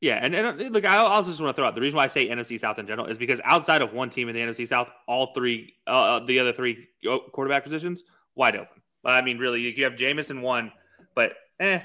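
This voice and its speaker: A young man with a bright, forward voice chats in a laid-back way as a sports podcast co-host. He jokes around and fills the gaps with "uh" and "you know.". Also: mid-range voice, quick pace. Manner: laid-back, filler-heavy, jokey. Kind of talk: casual sports chat with ad reads.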